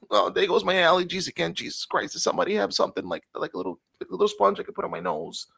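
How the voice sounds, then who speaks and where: A man's voice: fairly even intonation, fast talker, gravelly, fairly bright tone, slightly rough, no room sound, exaggerated voice. A man doing a comic accent impression of a fussy, complaining man who frets about allergies and drafts. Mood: whiny. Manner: whiny, fretful, high-pitched.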